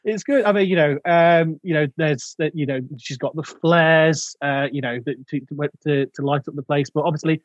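Guy rambling on about a movie, slightly high voice, dry close sound. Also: fairly even intonation, normal speed, few pauses, no room sound, dull audio. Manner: rambling, many fillers and restarts, laughs often. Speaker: podcast co-host. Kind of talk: casual film chat.

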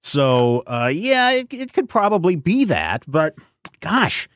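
A man's voice: a little high, sing-song, takes it slowly, fairly bright tone, no echo, clean studio sound. A man co-hosting a casual movie chat, playful and theatrical, with many hesitations. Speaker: podcast co-host.

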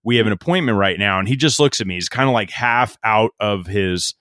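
A man's voice: on the low side, fairly quick, dry recording, studio quality. A middle-aged man telling a casual sales story as a podcast guest, laughing often and quoting himself. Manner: animated anecdote-teller, laughs often, quotes himself.

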